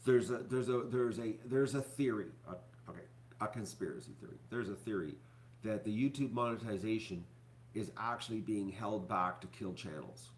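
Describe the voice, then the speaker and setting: A man hosting his own channel, talking to viewers in a rambling, halting way full of fillers and restarts, sounding depressed and upset. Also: on the low side. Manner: halting, repeats words, many fillers. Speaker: YouTuber host. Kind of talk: rambling live-stream talk to viewers.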